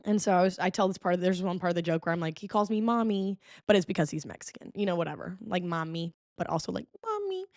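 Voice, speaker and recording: Chatty expressive woman podcast host. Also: fast, hardly any pauses, no room sound, studio quality. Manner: expressive, chatty storytelling with sudden pitch jumps; frequent fillers like "okay?" and "like". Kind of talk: casual chat.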